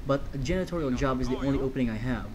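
A man voicing a gruff, blustering male army general who barks insults in a mock Russian accent. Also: mid-range voice, racing, noisy background, lightly acted. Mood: stern. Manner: barking insults, bellowing.

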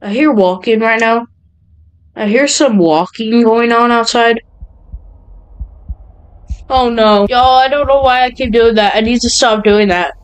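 A young woman with a high, smooth voice narrates her horror game run in a jittery, nervous way. She talks straight to her viewers as she plays, sounding easily spooked. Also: measured pace, pauses often, low-quality recording. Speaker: gaming channel host. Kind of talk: horror game let's play commentary.

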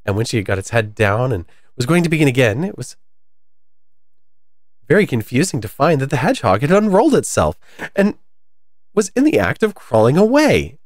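A man reading a classic children's story aloud in a lively, expressive way. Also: medium pitch, normal speed, long pauses, no room sound, clean studio sound.

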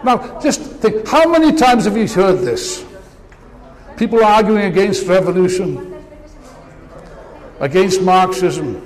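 A man's voice: sits high, animated, slow pace, long pauses. A man giving an impassioned political speech to an audience, with mocking asides. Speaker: political speaker. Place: large meeting hall. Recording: long reverb of a hall.

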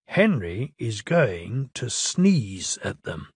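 A man playing a calm, clever engine driver who explains things steadily. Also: fairly low pitch, takes it slowly, slightly rough, no room sound, clean studio sound, pitched below the performer's own voice, heavily acted.

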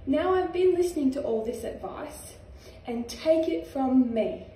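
A woman's voice: high-pitched, expressive, a little slow, mellow, a little hiss or hum. A woman voicing a prickly, lecturing echidna. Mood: bossy. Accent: Australian. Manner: bristling, lecturing. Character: prickly bossy male echidna. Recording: echoey room, far from mic.

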